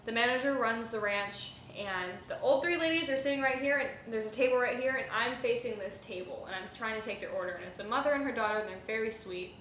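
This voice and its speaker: A young woman rambles through a workplace story in a casual vlog, animated and profane. Her voice sits a little high and bright, and a roomy echo and a faint hiss hang around it. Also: quick pace, hardly any pauses. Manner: rambling, animated storytelling with frequent swearing and fillers. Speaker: restaurant server and vlogger. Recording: echoey room with faint hiss.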